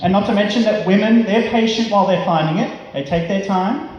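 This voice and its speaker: A man's voice: high-pitched, brisk, darkish tone, dull audio. An Australian man performing a stand-up comedy set at a social club, chatty and teasing the audience. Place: social club gig before a live audience. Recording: echoey club room with crowd.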